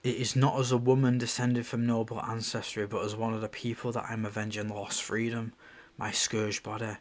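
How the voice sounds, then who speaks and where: A fierce, proud Celtic warrior queen, voiced by a man reading his own script. The reading is low-pitched and earnest, and it has no put-on voice. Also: level tone, normal speed, lightly acted. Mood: defiant.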